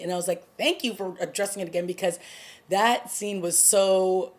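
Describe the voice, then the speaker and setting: A woman vlogger casually recapping a TV drama episode, excited and gossipy, acting out the characters' lines. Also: mid-range voice, brisk. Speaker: TV review vlogger. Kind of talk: casual chat.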